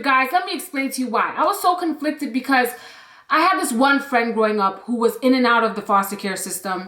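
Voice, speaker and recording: A young woman vlogger telling a storytime story in an animated, blunt way, swearing freely. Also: medium pitch, reverberant. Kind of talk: storytime vlog.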